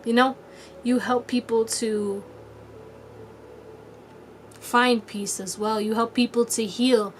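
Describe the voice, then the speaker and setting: A woman's voice: fairly high pitch, steady tone, takes it slowly, long pauses, a little hiss or hum. A woman giving a casual pick-a-card tarot reading, chatty and laughing often, swearing casually and slipping into playful quoted voices. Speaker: tarot reader.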